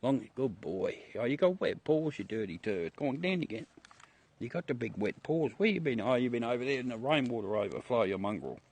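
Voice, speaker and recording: A man's voice: mid-range voice, lively intonation, a little fast, a little mellow, breathy edge. A middle-aged man with an Australian accent, chatting casually to his livestream viewers outdoors at night, laid-back, chuckling and swearing freely. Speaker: livestream host. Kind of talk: casual rambling chat to viewers.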